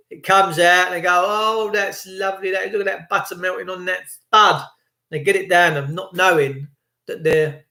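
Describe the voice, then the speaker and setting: A man's voice: on the high side, fairly bright tone, roomy sound. A middle-aged man with a South London accent, ranting earnestly and preachily in a casual monologue to his viewers, often repeating himself. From England. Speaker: online talk host.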